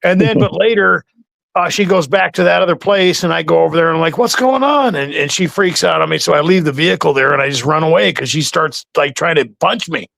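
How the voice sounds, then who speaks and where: A male interview host tells a rambling story in a loose, conversational way, with a gravelly rasp in a fairly high voice. The sound is close and dry. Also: steady tone, fast, a bit bright, no room sound. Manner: rambling storytelling with many restarts.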